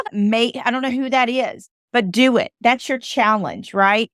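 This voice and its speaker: In a clean studio recording without room sound, a Southern-accented woman hosts a podcast. Her slightly bright voice is on the high side and unhurried as she gives an earnest, emotional monologue that occasionally resembles a preacher's appeal.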